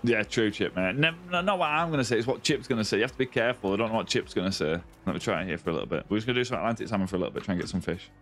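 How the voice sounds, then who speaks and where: A man's voice: on the low side, animated, very fast, few pauses, fairly bright tone, faint music behind. A man with a Lancashire accent live-streaming a game, bantering and greeting viewers by name. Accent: Lancashire English. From northwest England, Lancashire near Yorkshire.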